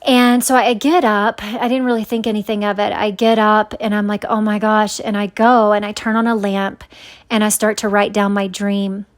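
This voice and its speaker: At a moderate pace and level tone, a medium-pitched woman vlogger recounts a dream. She rambles casually, restarting and filling pauses, sounding earnest while hunting for the right words.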